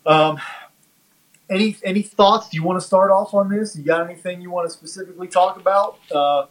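High-voiced man chatting, halting. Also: rough recording. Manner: halting, many fillers and restarts. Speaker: podcast co-host. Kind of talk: casual chat reviewing a comedy special.

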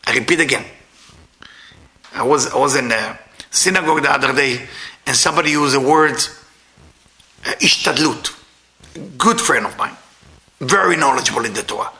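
Man, informal sermon, non-native English, tense bright voice, loud-to-quiet swings. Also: medium pitch, normal speed, long pauses. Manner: emphatic, swings from loud to hushed.

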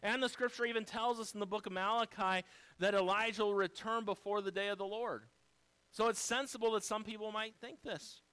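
A man's voice: high-pitched, fairly even intonation, fairly quick, pushed and bright, smooth, rough recording. A man preaching a sermon as pastor. He speaks emphatically and asks the listeners rhetorical questions.

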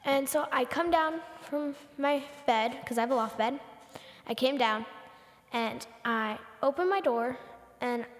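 A teenage girl hosting a podcast tells a story casually and breathlessly, full of "like" and repeated words. Her voice is a little high and sounds like it's in a large hall.

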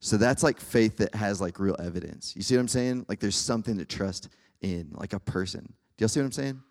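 A man's voice: on the low side, brisk. Young man giving a casual sermon. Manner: conversational, keeps checking in with listeners. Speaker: campus ministry speaker.

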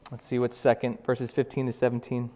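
A young adult male pastor preaching a sermon, chatty with fillers, swinging between loud urgent bursts and slow hushed emphasis. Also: mid-range voice, completely flat delivery. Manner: conversational, with fillers and restarts. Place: church sanctuary. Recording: long reverb of a large hall.

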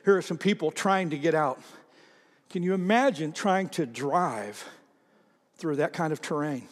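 A man preaching a sermon as pastor, animated, repeating himself and calling on the congregation to read aloud. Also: a little high, a little slow, long reverb tail. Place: church sanctuary.

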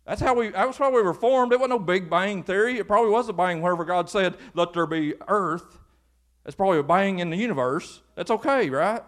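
A male pastor preaching an informal, folksy sermon that builds to animated exhortation. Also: sits high, fast talker, hardly any pauses.

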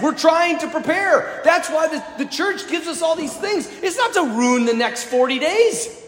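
A priest delivers a sermon with a high, bright pitch that swoops up and down as he tells his stories. His voice carries through a large church with a long, ringing reverb. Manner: animated storyteller, acts out children's voices.

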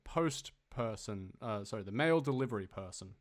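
A man's voice: lowish voice, lively intonation, normal speed. An Australian man co-hosts a podcast in loose, casual chat. He rambles through long stories, packs his talk with fillers, laughs and swears now and then. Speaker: podcast co-host.

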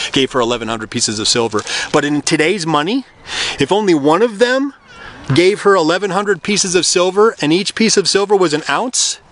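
A man preaching a conversational sermon, telling the story in an animated way. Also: on the high side, slight background noise. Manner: animated, conversational, acts out the characters.

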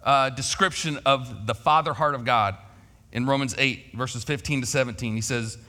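Bright-voiced man telling a sermon story. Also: medium pitch, moderate pace, in a large hall. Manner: conversational storytelling, folksy. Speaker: pastor.

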